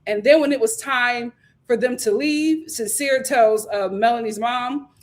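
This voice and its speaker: Animated woman recapping a reality show. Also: fairly high pitch, unhurried. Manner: animated retelling with quoted voices. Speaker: host. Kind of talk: casual show recap chat.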